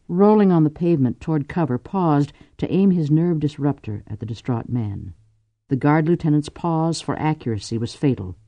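Male narrator, measured dramatic read, warm and dry. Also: mid-range voice, no room sound, muffled recording. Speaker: audiobook narrator. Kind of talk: scripted narration.

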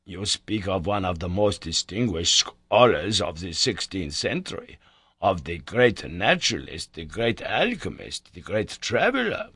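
A man voicing a worthy, earnest male Icelandic scholar who speaks slowly and courteously. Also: low-pitched, sing-song, pushed and bright, breathy edge, dry recording, exaggerated voice. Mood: admiring.

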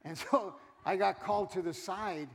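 A middle-aged man preaching a sermon as pastor, animated, swinging from loud exhortation to quiet asides. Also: high voice, moderate pace, vocal fry, slightly rough. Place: church sanctuary. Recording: long hall reverb.

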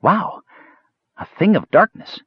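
A man voicing a small, eager, curious male kender in a high, excited voice. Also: a little fast, breathy edge, dry recording, lo-fi sound. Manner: high, excited and wide-eyed. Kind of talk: audiobook character voice.

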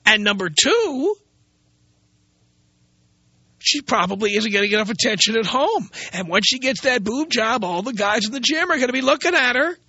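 Male radio host, sarcastic ranter, high and bright, dry close sound. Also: slightly rough, no room sound, lo-fi sound. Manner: blunt, ranting, sarcastic. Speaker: radio talk show host. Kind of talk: opinionated radio monologue.

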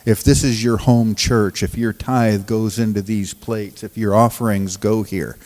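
A man preaching in a church sanctuary with a low voice and an unhurried, deliberate pace. He talks in halting bursts, restarts his sentences and often laughs through his stories. The hall gives his voice a long, ringing reverb. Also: steady tone, darkish tone. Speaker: pastor of a recovery ministry. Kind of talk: sermon with storytelling.

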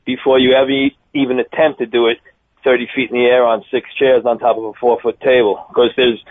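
A man in his fifties with a deep Long Island accent, chatting by phone as a circus daredevil guest. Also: a little fast. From Long Island, New York. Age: 50s. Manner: chatty, animated storyteller. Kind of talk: phone-in interview. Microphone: telephone. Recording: tinny phone line.

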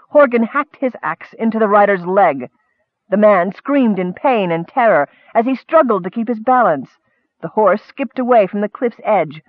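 A man's voice: high voice, no echo. A man narrating an audiobook, with scholarly asides addressed to a superior, heard through a thin, phone-like recording.

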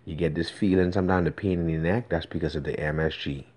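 A man's voice: low-pitched, steady tone, fast, darkish tone. A Bahamian man with a Bahamian accent, recording an urgent, pleading voice message in a preachy, insistent way. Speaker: voice-note sender. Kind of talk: voice message monologue.

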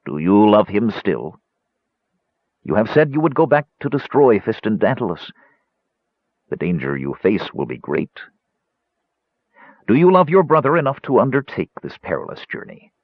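A man reading the part of a grave old male wizard who leads a council of mages, speaking in a solemn, measured, commanding way. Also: fairly low pitch, big pitch swings, slightly rough, dry recording, muffled recording, heavily acted.

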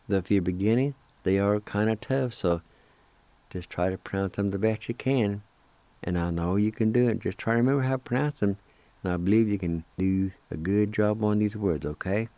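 A middle-aged man teaching words slowly, spelling them out and repeating each syllable, with gentle encouragement. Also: on the low side, no room sound. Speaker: language teacher and radio host. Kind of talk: slow spoken language lesson.

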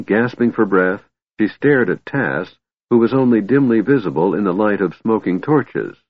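Low, husky male narrator for fantasy audiobook; tinny, dry sound. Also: no room sound. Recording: tinny narrow-band dry recording.

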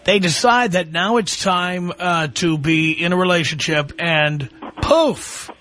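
A man hosting a call-in radio show with a bright, sharp voice that sits fairly high. He answers callers bluntly and throws in wisecracks. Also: takes it slowly. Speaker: radio talk show host.

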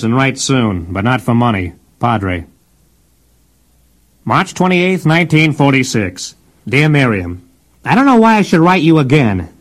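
Man reading letters with dry wit. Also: medium pitch. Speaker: reader of letters. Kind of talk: reading personal letters aloud.

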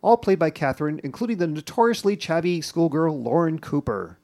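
A man's voice: a little high, sing-song, gravelly, dark tone, a little hiss or hum. Man hosting a TV podcast. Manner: informative, measured. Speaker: podcast host. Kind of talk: scripted narration and chat.

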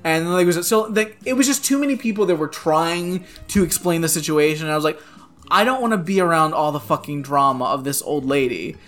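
Co-host, mid pitch, foul-mouthed animated storyteller, casual podcast chat. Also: brisk. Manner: profane, animated, peppered with "like".

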